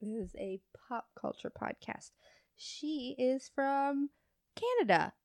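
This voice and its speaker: A woman's voice: sits high, sing-song, slow pace, darkish tone, no room sound, studio quality. A young woman cohosting a casual podcast who swears freely and laughs often. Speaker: podcast co-host. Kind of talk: casual chat.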